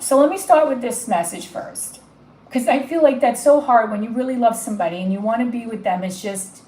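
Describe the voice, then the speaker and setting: A woman's voice: on the high side, darkish tone, roomy sound, rough recording. A woman giving a live tarot reading, gushing and emotional as she talks straight to the viewer. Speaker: tarot reader.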